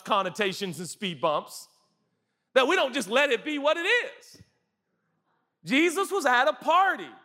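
A male pastor telling a funny wedding story in his sermon, jokey and animated, quizzing the crowd. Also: a little high. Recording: long hall reverb.

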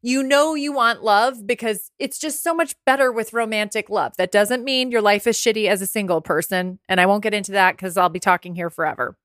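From her apartment by the sea, a woman in her forties chats through a casual solo podcast, candid and quick to swear. She talks fairly quickly with few pauses in a mid-range, fairly bright voice, captured as clean studio sound with no echo.

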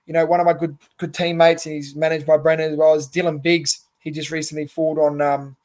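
A young Australian man chatting as a podcast guest, earnest and loose, padding his thoughts with "you know". His voice sits a little high for a man. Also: level tone, a little fast, a little mellow. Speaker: guest boxer. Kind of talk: casual podcast interview.

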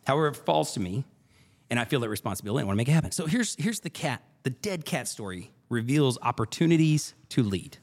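A male podcast host who talks quickly and tells his story in a relaxed, conversational way. His pitch swings widely as he gets animated, and he repeats key phrases to drive a point home.

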